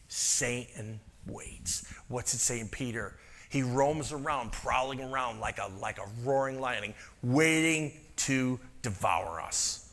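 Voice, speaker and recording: A man's voice: a little high, pushed and bright. A man preaching a conversational sermon as pastor in a church, with speech, full of asides and rhetorical questions to the congregation. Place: church sanctuary.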